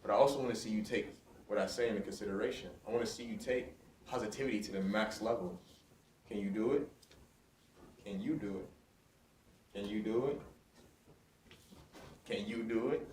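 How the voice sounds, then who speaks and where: Male motivational speaker, fired-up call-and-response delivery, caught from afar in an echoey school hall. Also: fairly low pitch. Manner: energetic call-and-response, hyping up the crowd. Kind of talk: motivational school assembly speech. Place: large school hall with a student audience. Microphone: recorded from a distance. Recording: echoey hall, distant mic, faint noise.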